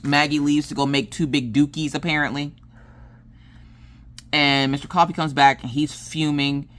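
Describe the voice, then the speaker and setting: A woman's voice: deep voice, moderate pace. A woman in her thirties, a crafting vlogger, casually telling a family story and acting out what everyone said. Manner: animated, acts out quoted dialogue.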